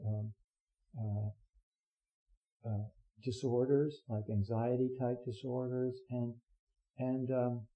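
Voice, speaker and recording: An older man giving an earnest dharma talk as a Zen teacher, halting with many fillers and restarts. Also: mid-range voice. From United States. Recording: dull lo-fi recording.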